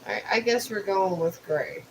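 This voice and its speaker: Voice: medium pitch, normal speed, poor audio. A live streamer chatting casually while painting, thinking aloud and explaining the art supplies step by step. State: just woke up. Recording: steady background noise.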